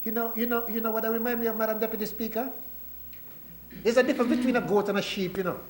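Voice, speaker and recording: In the echoing parliament chamber, the Kittitian minister speaks very high and fast with a steady tone, and slight background noise is audible. His budget speech stays folksy and teasing as he trades jokes with colleagues.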